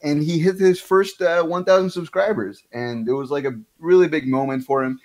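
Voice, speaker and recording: A man's voice: on the high side, steady tone, normal speed. A man guesting on a podcast, telling a long, rambling story in casual chat and swearing often.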